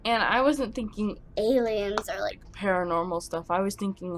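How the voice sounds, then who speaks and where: A young woman telling a personal story on her vlog, speaking quickly and nervously with animated emphasis. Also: medium pitch, slight background noise. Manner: talks fast when nervous. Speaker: vlogger. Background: music.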